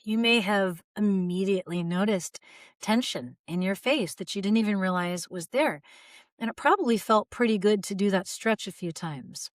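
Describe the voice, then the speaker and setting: Woman, forties, voice teacher, calm, gentle guidance, mid pitch, dry close sound. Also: moderate pace, no room sound. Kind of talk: instructional video talk.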